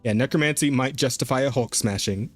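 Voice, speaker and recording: A man's voice: mid-range voice, brisk, soft background music. A man co-hosting a casual podcast, swearing freely, laughing a lot and restarting his sentences. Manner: loose and profane, laughs often, stammers on restarts. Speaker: podcast co-host.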